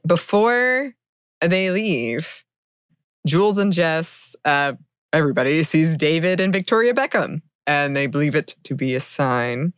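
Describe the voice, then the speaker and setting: A woman co-hosting a podcast, recapping a film's ending in an unhurried, casual way, laughing easily. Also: sits low, expressive, a bit bright, clean tone, no room sound, clean studio sound. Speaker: podcast co-host. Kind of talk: casual film recap chat.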